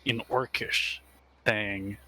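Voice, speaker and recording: A man playing a tabletop game, describing his actions in a slow, hesitant way, often laughing. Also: fairly low pitch, steady tone, sharp tone. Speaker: player. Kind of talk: casual tabletop play.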